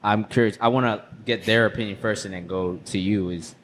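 A man's voice: on the low side, steady tone, a little fast, fairly bright tone, slight background noise. A man hosting a casual podcast chat, joking and teasing before asking his guest questions. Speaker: podcast host.

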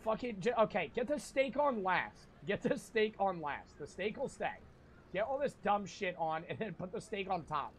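A young man streaming a cooking game, talking to his chat in a frantic, profane, yelling way. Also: sits high, sing-song, moderate pace, a little hiss or hum. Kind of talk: gaming livestream commentary.

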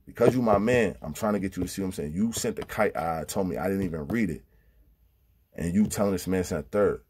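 Man, casual prison storytelling, animated, husky, low-pitched. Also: brisk. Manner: animated, acts out quotes with big pitch jumps. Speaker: former prisoner telling stories.

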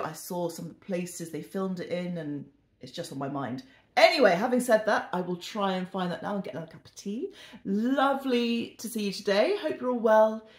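A British woman rambles through a casual storytime, chatty and self-deprecating, at an ordinary middling pitch. Her voice rings off the walls of an echoey room at home. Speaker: vlogger. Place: indoors in a home.

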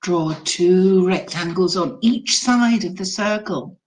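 A woman teacher trainer presenting an online webinar in an animated, encouraging classroom-teacher manner. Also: lowish voice, slow, rough recording.

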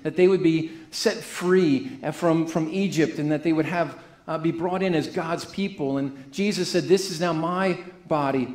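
A man's voice: a little high, a little mellow. A man preaching a sermon as pastor, reading scripture in an earnest way and restarting phrases as he goes. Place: church sanctuary. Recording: echoey church room.

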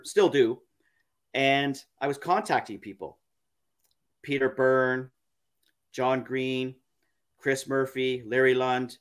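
Halting man telling stories. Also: mid-range voice. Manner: halting, repeats words, many fillers. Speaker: podcast guest. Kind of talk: casual storytelling.

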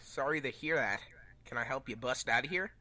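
A man's voice: medium pitch, a little fast, bright, forceful tone, no room sound. A man reading Sonic's lines in a casual, playful group reading of a fan story. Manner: playful, swears and laughs. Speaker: fan dub reader voicing Sonic.

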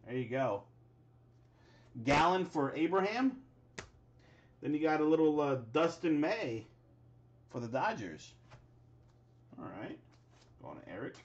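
During a live card-pack opening, a man with a slightly high voice reads off player names and erupts with excitement over big pulls. He speaks unhurriedly and pauses often, and the audio has its highs cut off.

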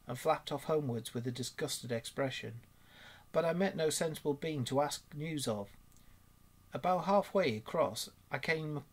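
A hearty, cheerful otter recounting his trek through the snow, husky-voiced and bold, as a man reading a storybook voices him. He tells it in a lively, confident way, close to the reader's own voice. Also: medium pitch, lightly acted.

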